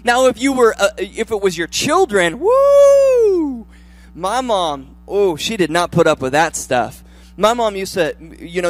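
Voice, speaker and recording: A young male pastor preaches to a church congregation in a high voice. He talks in an easy, joking way and then builds into loud, fervent declarations. Soft music plays faintly behind him. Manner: humorous, conversational preaching that builds to loud fervor. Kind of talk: sermon.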